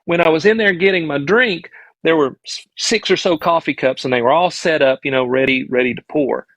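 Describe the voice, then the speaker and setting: Middle-aged man, Southern US accent, podcast guest, earnest rambling storyteller, slightly high voice, dry sound. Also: fairly quick, a bit bright, no echo, low-quality recording. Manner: earnest, rambling, restarts often. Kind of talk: casual storytelling on a live stream.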